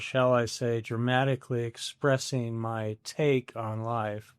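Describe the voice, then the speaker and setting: A man's voice: medium pitch, clear, resonant tone, dry recording, studio quality. A man in his seventies hosting a solo podcast, telling a family story in a wry, self-deprecating scripted style. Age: 70s.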